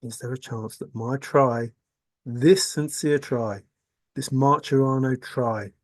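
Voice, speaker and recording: A man's voice: medium pitch, takes it slowly, no room sound. Man, intense rambling monologue, repetitive, swearing, dry close sound. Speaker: video blogger.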